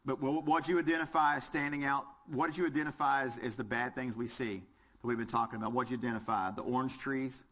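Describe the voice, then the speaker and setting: A man's voice: mid-range voice, steady tone, fast, fairly bright tone. Joking folksy fire instructor, Southern man. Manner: joking, folksy, quizzes the audience. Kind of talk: lecture with audience participation.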